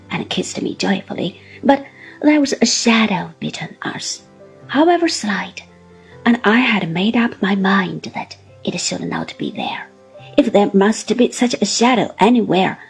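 A woman reading a classic novel aloud, with expressive, measured storytelling. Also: mid-range voice, creaky, husky, faint music behind, rough recording. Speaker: reader.

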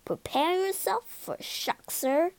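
A woman's voice: very high voice, slow pace, no echo, pitched above the performer's own voice, exaggerated voice. Sir Sidney, a woman reading a boastful old ghost lord. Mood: sly. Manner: dreamy, grandly self-important. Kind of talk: storybook reading.

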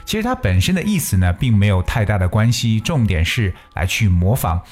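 Male language teacher, low-pitched, animated rise and fall, careful demo reading with deliberate stress on key words. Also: faint music behind. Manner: reads sentences slowly, then repeats and spells words letter by letter. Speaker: English teacher. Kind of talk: bilingual English lesson, reading aloud and explaining.

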